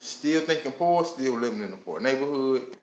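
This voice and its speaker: A man in his thirties telling his own life story in a casual, animated way, acting out what he and others said. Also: mid-range voice, moderate pace, lo-fi sound. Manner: casual and animated, with many laughs and voiced asides. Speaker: host. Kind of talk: personal storytelling. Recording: echoey room.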